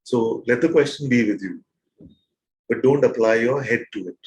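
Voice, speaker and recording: A man in the middle of his range leads a satsang as its teacher. He keeps coming back to one question and presses his listeners patiently. His tone stays light and playful, and now and then he laughs softly. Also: medium pitch, normal speed, poor audio. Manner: probing, asks repeated questions; gentle and playful, with soft laughs. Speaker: spiritual teacher. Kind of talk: satsang teaching to a live group.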